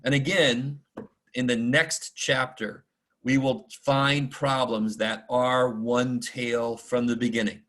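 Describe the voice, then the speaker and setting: A male math instructor delivers a casual online statistics lecture through a video call mic, speaking slowly in a mid-range, fairly bright voice with fairly even intonation. He's self-deprecating and informal, muttering asides and mild curses.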